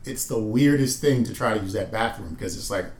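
A man co-hosting a podcast, chatting casually with dry, expressive asides. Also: fairly low pitch, a little fast, reverberant. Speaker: podcast co-host.

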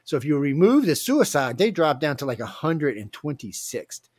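Blunt talk-show host, male, animated, recorded close with no room sound. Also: fairly high pitch, moderate pace, no echo. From Southern US. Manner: animated, blunt, swings loud and soft. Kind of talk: casual talk show chat.

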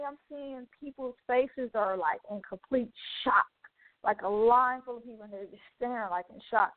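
A woman's voice: on the high side, moderate pace, no room sound. Woman host telling a heartfelt testimony. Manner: heartfelt storytelling, many "you know" asides. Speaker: radio show host. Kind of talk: personal testimony, casual talk. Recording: narrow phone-like sound, dry.

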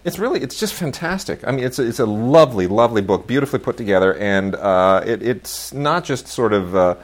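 A man's voice: medium pitch, lively intonation, brisk. A middle-aged man hosting a casual chat about new releases, rambling with many fillers and restarts, gushing with enthusiasm. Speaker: host.

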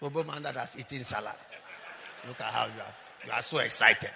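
A man preaching a lively, mocking, humorous sermon, often mimicking people. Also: mid-range voice, a little fast, gravelly, long reverb tail, crowd noise.

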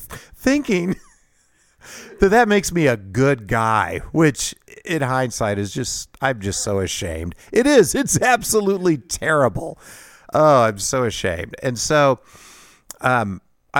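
A man's voice: lowish voice, smooth, dry recording, clean studio sound. A middle-aged man hosting a podcast, telling a personal story in a conversational, self-deprecating way with frequent laughs. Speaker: podcast host.

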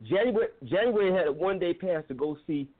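Male guest on a call-in show, fervent storyteller, fairly high voice, tinny phone audio. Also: lively intonation, fast. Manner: preacherly, storytelling, repeats phrases for emphasis. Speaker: guest, filmmaker. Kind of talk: impassioned talk-show monologue.

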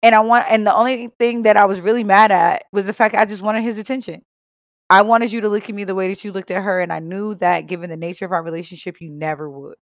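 A young woman co-hosting a casual podcast, spinning a story with profane, animated energy and quoting people as she goes. Her voice has a gravelly, fry-laden edge. The sound is close and dry. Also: mid-range voice, fast talker, no echo. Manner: animated, profane, laughing storyteller who acts out quotes. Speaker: podcast co-host.

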